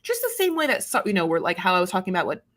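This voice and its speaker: A woman co-host with a bright, forceful voice chats casually about a reality show. She rambles through many fillers and now and then slips into silly put-on voices. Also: on the low side, huge pitch swings, racing. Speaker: podcast co-host. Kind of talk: casual recap chat.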